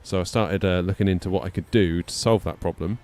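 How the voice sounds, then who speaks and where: A flight sim streamer rambles through casual live-stream chat at a fairly quick pace. His voice sits low and a little mellow, and his talk is hesitant, full of fillers and self-deprecating laughs.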